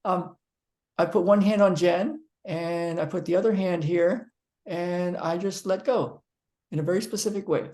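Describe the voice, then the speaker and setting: Man, physical therapist, storytelling to viewers, animated, lots of ums. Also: high voice, a little slow. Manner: animated storyteller, acting out quotes; frequent ums and restarts.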